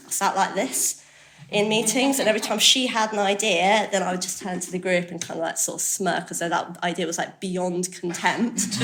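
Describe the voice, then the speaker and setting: A woman giving a candid, self-deprecating personal testimony at a recovery workshop, talking casually and swearing now and then. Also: mid-range voice. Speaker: recovery meeting speaker. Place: workshop room with listeners.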